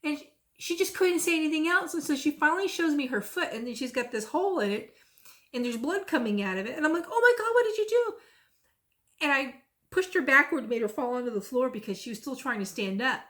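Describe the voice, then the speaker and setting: A middle-aged woman with a drawl talks through her cross stitch projects in a relaxed, rambling way. Her voice sits a little high, and she gets lively as she tells a story. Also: fairly quick. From Texas. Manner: chatty, rambling, lively when retelling stories. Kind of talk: casual chat and storytelling.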